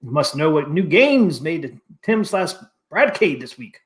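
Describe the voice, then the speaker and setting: A man hosts a casual live stream in a slightly high voice. He is laid-back and chatty, reading viewer messages aloud as they come in. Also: sing-song, unhurried. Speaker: host of a live stream show.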